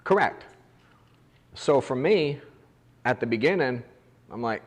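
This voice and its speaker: A man's voice: medium pitch, animated, slow pace, long pauses, in a large hall. A man who runs an agency, coaching his agents in a casual, blunt way with the odd swear word. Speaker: agency owner training agents. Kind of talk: casual coaching talk to a room. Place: office meeting room.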